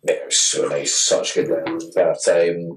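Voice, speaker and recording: A man's voice: low-pitched, little pitch movement, normal speed, far from the mic, rough recording. A man in his twenties co-hosting a podcast, telling a long rambling story in casual chat and swearing freely. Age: 20s. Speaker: podcast co-host.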